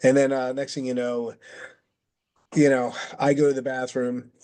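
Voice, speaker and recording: A man's voice: mid-range voice, level tone, normal speed, mellow. Rambling man telling a story. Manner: rambling, restarts, acts out quotes. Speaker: interview guest, former wrestler. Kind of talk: casual storytelling.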